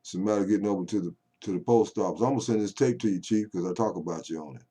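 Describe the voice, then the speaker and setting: Older guy rambling on at home, lowish voice, folksy, gets preachy. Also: rapid-fire, warm tone. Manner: folksy and digressive, rising into call-and-response preaching. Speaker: poet vlogger. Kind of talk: rambling casual monologue to camera.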